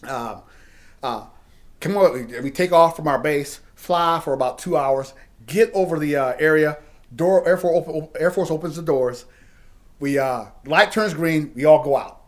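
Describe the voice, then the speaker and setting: Man, middle-aged, chatty podcast co-host; rambling anecdotes, fillers, quick laughs, voice on the higher side. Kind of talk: casual storytelling chat.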